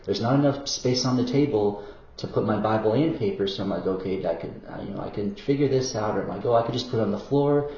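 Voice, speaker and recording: Man, mellow tone, loose rambling monologue with many fillers and restarts, roomy dull recording. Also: fairly low pitch, quick pace, slight background noise. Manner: rambling and hesitant, full of fillers and self-corrections; apologetic asides. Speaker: vlogger.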